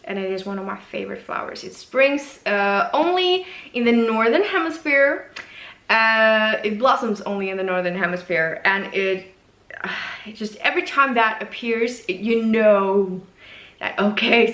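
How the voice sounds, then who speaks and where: A woman's voice: fairly high pitch, sing-song, measured pace, fairly bright tone. A woman, a knitwear designer hosting a casual video podcast, chatting in a gushing, enthusiastic and self-deprecating way. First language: Norwegian. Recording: echoey room.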